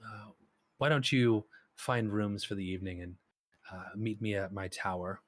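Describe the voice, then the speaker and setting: A man's voice: fairly low pitch, steady tone, moderate pace, no echo, natural voice. A man voicing a gracious, hooded noblewoman who speaks with polite formality.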